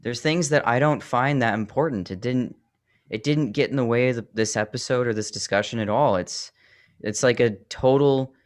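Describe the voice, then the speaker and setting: An easygoing man from Minnesota in a casual podcast discussion. He talks in a reflective way, mid-pitched, with nothing forced about it. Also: normal speed.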